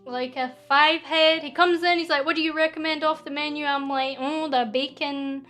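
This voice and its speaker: A woman's voice: high voice, fairly even intonation, moderate pace, a bit bright. A young Scottish woman streaming a casual question-and-answer chat, rambling and self-deprecating. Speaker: VTuber streamer.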